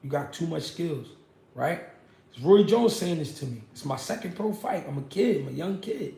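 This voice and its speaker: A young man, a former pro boxer, telling his story in a casual, animated, profane way. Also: fairly high pitch, moderate pace, vocal fry. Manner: animated, profane street talk with many "you know what I mean". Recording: echoey room.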